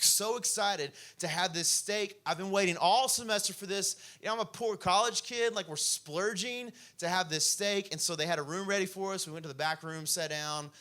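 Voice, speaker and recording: A man's voice: high-pitched, sharp tone. A young man preaching a sermon, telling a story in a casual way full of "like" before building to impassioned preaching. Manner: casual, peppered with "like". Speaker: pastor.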